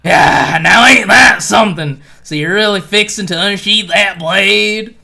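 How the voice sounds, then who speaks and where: A streamer putting on a booming rowdy Texan swordsman. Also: unhurried, gravelly, full character voice. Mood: boisterous. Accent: Texan drawl, put on. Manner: loud, brash, folksy cussing. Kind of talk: reading game dialogue aloud in character.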